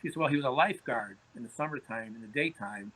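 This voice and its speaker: Bright, husky-voiced man telling stories. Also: medium pitch, quick pace, rough recording. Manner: animated anecdotes, repeats words when starting phrases. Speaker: podcast guest. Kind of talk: storytelling in conversation.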